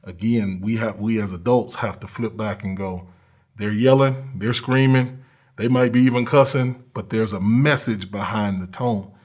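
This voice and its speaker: A man's voice: lowish voice, moderate pace, darkish tone, breathy edge. A man who coaches college football, talking earnestly and plainly in an interview, with frequent ums and uhs. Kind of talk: conversational interview.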